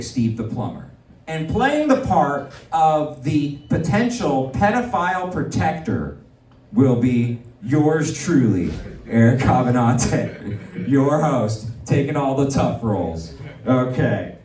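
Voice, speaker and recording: A man hosting a live political comedy show, talking in a rambling, excitable way with lots of fillers. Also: mid-range voice. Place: comedy venue in a dispensary. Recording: echoey room, mic far off.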